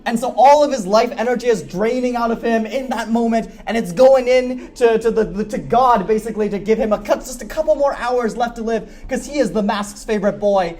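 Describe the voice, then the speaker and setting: A man speaking at a convention panel, enthusiastically explaining a story's lore with quick jokes. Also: extremely high pitch, darkish tone. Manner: fast, enthusiastic, self-deprecating jokes. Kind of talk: energetic lore explainer talk.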